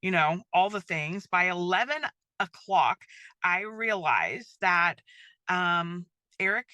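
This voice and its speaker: A middle-aged woman hosts a faith podcast in a chatty, rambling way, full of "um" and "like." Her voice is bright and forward, recorded close and dry with no room sound. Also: fairly low pitch, animated, slow, no room sound. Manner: chatty, many fillers like "um" and "like". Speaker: podcast host. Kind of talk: casual faith-based podcast monologue.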